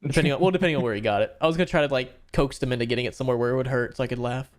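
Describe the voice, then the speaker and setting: A man's voice: mid-range voice, rapid-fire. A man in casual podcast chat, crude and blunt, joking with friends. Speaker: podcast regular.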